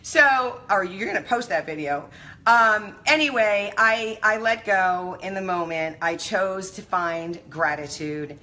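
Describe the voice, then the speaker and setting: A middle-aged woman hosts a motivational live stream in a bright, forward voice. She talks in a casual, effusive way and calls out to her viewers by name. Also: mid-range voice, measured pace.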